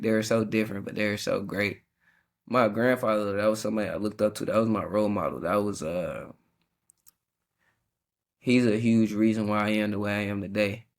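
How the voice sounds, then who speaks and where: A young man hosting a faith podcast, reflecting in a casual, slangy way with frequent restarts and self-corrections. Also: on the low side. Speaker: podcast host.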